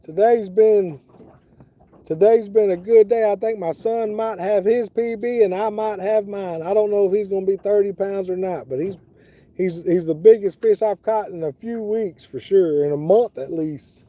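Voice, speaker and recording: A man's voice: high-pitched, moderate pace, warm tone. Laid-back middle-aged man streaming from a boat. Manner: laid-back, talks to viewers by name. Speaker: fishing livestreamer. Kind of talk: casual live-stream chat. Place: outdoors on a boat on the water.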